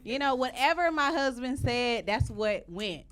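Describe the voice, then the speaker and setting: A woman's voice: on the high side, lively intonation, unhurried, fairly bright tone. A woman, doing brash, profane live stand-up comedy. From Texas, USA. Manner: brash, profane, punchy storytelling. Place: stage at a live comedy show. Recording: live room with crowd and noise. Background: audience laughing and reacting.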